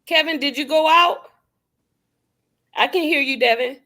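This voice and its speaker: A woman hosting a casual livestream chat, affirming the others and quick to agree. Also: high-pitched, pushed and bright. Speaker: livestream host.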